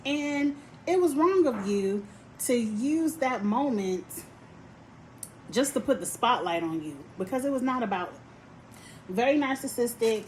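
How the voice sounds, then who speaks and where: A woman giving a sassy, animated recap of a reality dating show, talking straight to the cast. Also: on the high side, a little hiss or hum, poor audio. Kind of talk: casual opinionated recap.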